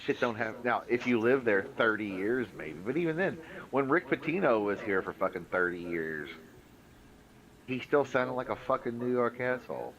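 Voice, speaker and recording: A man co-hosting a casual watch-along stream, talking in a loud, profane, rambling way. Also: mid-range voice, animated, normal speed. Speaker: co-host. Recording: dull lo-fi sound.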